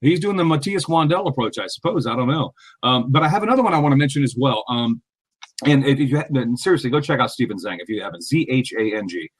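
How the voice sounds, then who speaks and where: A man's voice: mid-range voice, expressive, fast. A man co-hosting a casual podcast, talking animatedly with lots of ums, restarts and laughter over a remote mic. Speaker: podcast co-host.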